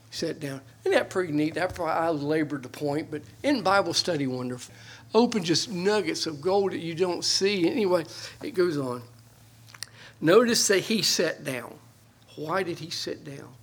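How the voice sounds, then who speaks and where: Husky pastor, folksy and earnest in the pulpit, with emphatic swells and soft drops. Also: male voice, on the high side. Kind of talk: sermon.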